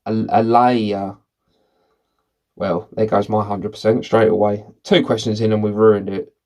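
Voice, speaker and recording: A man with a slightly low voice reads quiz questions and chats his way through the answers. His delivery is casual and rambling, with lots of thinking out loud. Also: level tone, a little slow. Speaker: movie quiz vlogger. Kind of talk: casual commentary while taking a quiz.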